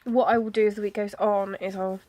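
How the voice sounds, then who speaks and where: A woman's voice: mid-range voice, level tone, brisk. Chatty British woman narrating her planner. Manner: chatty and self-deprecating, with frequent fillers and soft asides. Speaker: planner vlogger. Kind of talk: casual chat.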